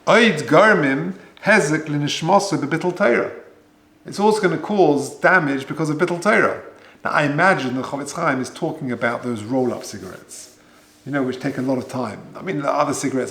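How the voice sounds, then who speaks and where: Gravelly rabbi teaching Torah. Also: male voice, medium pitch, fairly bright tone. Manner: conversational, mixes Hebrew and Yiddish terms, rhetorical questions. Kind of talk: Torah lecture. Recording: echoey room.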